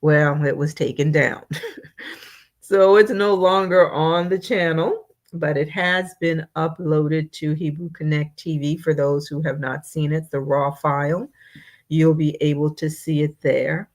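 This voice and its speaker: Female live-stream host, measured and slow, slightly low register, casual chat. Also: fairly even intonation. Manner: slow, drawn-out greetings, reading names one by one. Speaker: channel host.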